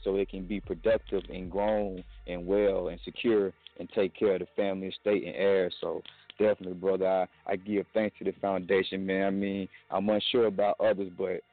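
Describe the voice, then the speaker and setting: A man's voice: deep voice, little pitch movement, fairly quick. A man calling in to a talk show, speaking earnestly and reflectively, repeating words for emphasis. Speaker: caller. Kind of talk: casual phone call. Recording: dry phone line.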